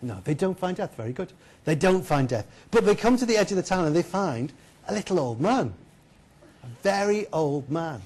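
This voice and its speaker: Lively, chatty male storyteller. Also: high-pitched, normal speed. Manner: lively, chatty, asks the audience questions. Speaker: keynote speaker. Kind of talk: storytelling lecture to an audience. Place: lecture hall.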